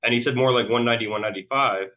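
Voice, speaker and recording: A man's voice: medium pitch, racing. A man recounting a story in a loose, rambling way, stumbling over his words and restarting sentences as he goes. His voice comes through a thin, tinny line that sounds like a phone call. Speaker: guest. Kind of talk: casual storytelling interview.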